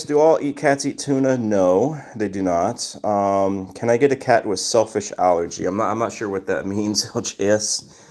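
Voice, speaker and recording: A man's voice: on the low side, darkish tone. A man hosting a casual livestream, greeting viewers by name and answering chat questions. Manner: reads chat names aloud and greets viewers. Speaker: livestream host.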